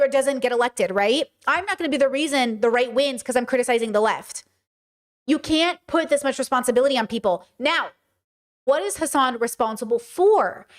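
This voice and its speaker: Passionate high-voiced woman streamer. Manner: passionate, direct, animated argument; reads out chat messages and answers them. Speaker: streamer and commentator. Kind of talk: livestream commentary.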